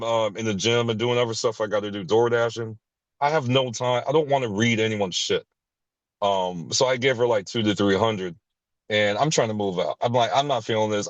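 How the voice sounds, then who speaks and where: A man with a lowish voice tells his own story in a blunt, profane way, tripping over his words and restarting. When he acts out other people's lines, his pitch jumps sharply. The sound is close and dry, with no room around it. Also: no room sound, highs cut off. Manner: blunt and profane, with frequent restarts and short laughs. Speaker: recovery group member sharing his story. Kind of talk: candid personal storytelling.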